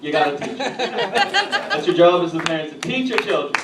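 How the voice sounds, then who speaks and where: Guy doing standup, kinda high voice, edgy jokes and crowd banter, sounds far off in a roomy club. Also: huge pitch swings, moderate pace. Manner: edgy jokes, audience banter, rising to loud bursts. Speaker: stand-up comedian. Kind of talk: stand-up routine. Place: comedy club stage. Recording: echoey, distant, noisy live room.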